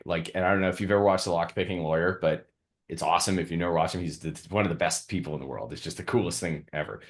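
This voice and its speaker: Man, low voice, co-host, relaxed storyteller, casual business chat. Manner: laid-back storyteller, casual swearing.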